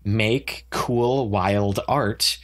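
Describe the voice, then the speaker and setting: A man with a somewhat low voice co-hosts a casual podcast. He lays on heavy sarcasm as he makes his points. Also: extremely slow. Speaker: podcast co-host.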